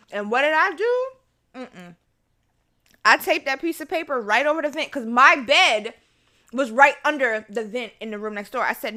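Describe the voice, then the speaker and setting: A woman, hosting a casual solo podcast and telling stories in a lively, profane way while she eats. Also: a little high, normal speed. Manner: animated storytelling, swears freely, mimics her own voice. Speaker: podcast host.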